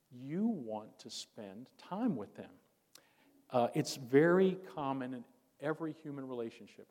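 Male pastor, mid pitch, storytelling sermon, reverberant hall. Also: dark tone. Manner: prayerful, then storytelling with acted-out dialogue.

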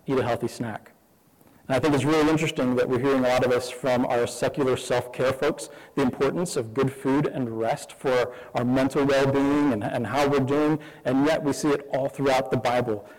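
A man's voice: medium pitch, darkish tone, in a large hall, poor audio. A man preaching a sermon as pastor, candid and conversational, asking the listeners many questions.

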